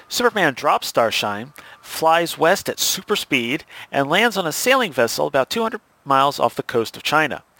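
A man's voice: a little high, no room sound. Man casually recapping a comic. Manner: relaxed, corrects his own slips aloud. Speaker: comic book recap host. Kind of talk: casual plot recap narration.

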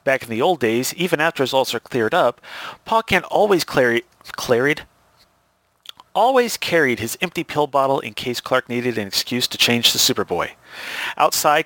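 A man's voice: mid-range voice, dry recording. Man casually recapping a comic. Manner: relaxed, corrects his own slips aloud. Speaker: comic book recap host. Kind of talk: casual plot recap narration.

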